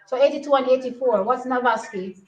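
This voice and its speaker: A young woman talks through a track race as it happens. She sits high in her register, repeats herself and thinks aloud in a chatty, excitable way. The audio is slightly dull and lo-fi. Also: brisk. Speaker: track and field watch-along host. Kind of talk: casual live race commentary.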